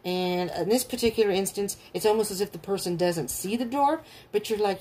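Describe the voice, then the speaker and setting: A woman's voice: mid-range voice, a little fast, few pauses, darkish tone. A woman giving a casual tarot reading, talking bluntly and animatedly, often laughing and acting out the people she describes. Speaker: tarot reader.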